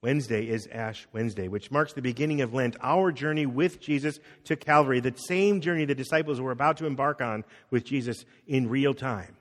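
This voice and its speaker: Middle-aged male pastor, relaxed sermon, plain mid voice, reverberant church hall. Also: medium pitch, a little fast, hardly any pauses. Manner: conversational, acts out quotes, drops soft on key words.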